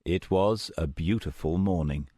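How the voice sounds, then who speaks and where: A man narrating a first-person audiobook in a measured, steady storytelling manner, close to the mic. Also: deep voice, no room sound.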